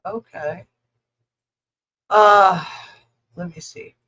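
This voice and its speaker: Slow-talking tarot reader woman, lo-fi. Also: mid-range voice, fairly bright tone. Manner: rambling, blunt, emotional, talks to the chat. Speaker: tarot reader answering viewer questions. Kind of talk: casual livestream tarot reading.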